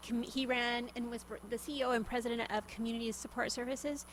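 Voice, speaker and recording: A woman's voice: a little high, flat delivery, quick pace, slight background noise, rough recording. A woman, a state senator, introducing and endorsing a nominee at a legislative hearing, a little out of breath. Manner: warm, slightly breathless endorsement. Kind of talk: formal remarks.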